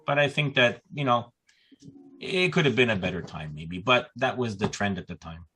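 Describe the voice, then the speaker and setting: A man's voice: mid-range voice, lively intonation, normal speed, bright, forceful tone, slight background noise. A man speaking as a panel guest on a podcast, talking casually and often repeating words as he starts a sentence.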